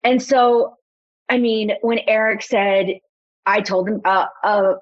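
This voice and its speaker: A young adult woman, a photographer and podcast guest, telling a personal story in a lively, casual way and acting out her own past thoughts. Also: mid-range voice, slow pace, muffled recording. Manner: animated storyteller, quotes herself.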